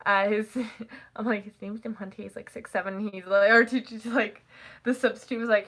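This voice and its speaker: A teenage girl chatting casually to the camera, rambling and packing her talk with "like" and quick laughs. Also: mid-range voice, fairly bright tone. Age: teens. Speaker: vlogger.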